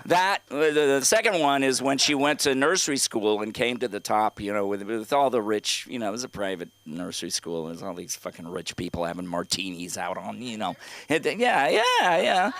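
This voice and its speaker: A man's voice: fairly low pitch, lively intonation, normal speed, a bit bright. A middle-aged man doing open-mic stand-up on a comedy club stage, rambling, profane and talking straight to the crowd.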